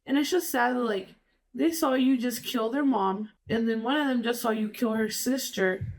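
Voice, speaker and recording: A woman's voice: fairly high pitch, normal speed, a little hiss or hum. Chatty woman mixing English and Spanish. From Colorado, United States. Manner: rambling, switches between English and Spanish, heavy "like". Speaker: podcast host. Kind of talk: casual storytelling chat.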